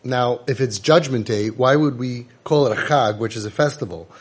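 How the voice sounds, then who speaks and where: A man giving a lively Torah lecture in English full of Hebrew terms, acting out quotes in a raised voice. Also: medium pitch, normal speed, slightly rough. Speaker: Torah teacher.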